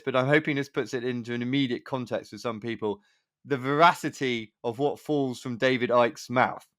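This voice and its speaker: A man's voice: mid-range voice, fairly bright tone, no room sound, studio quality. Rambling man hosting a podcast. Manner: rambling, hesitant, many restarts. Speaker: podcast host. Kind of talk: casual chat.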